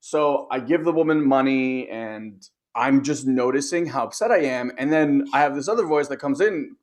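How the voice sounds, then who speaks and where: A man's voice: mid-range voice, moderate pace. A middle-aged man co-hosting a casual podcast chat, telling a story with animation and acting out his own inner voice. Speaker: podcast co-host.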